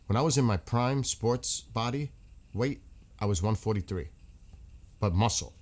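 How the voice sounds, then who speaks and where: Man, low voice, casual livestream host, frank, swears, rambling. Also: moderate pace, a little mellow.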